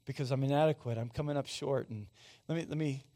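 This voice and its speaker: A man's voice: mid-range voice, quick pace, mellow. A man in his forties preaching a sermon as pastor, conversational and often asking the congregation questions. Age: 40s. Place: church sanctuary.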